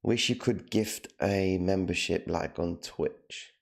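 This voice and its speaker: Hoarse deep-voiced man streaming. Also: slow pace. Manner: passionate, tags lines with "okay?" and "all right?". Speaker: trading live stream host. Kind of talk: live market commentary.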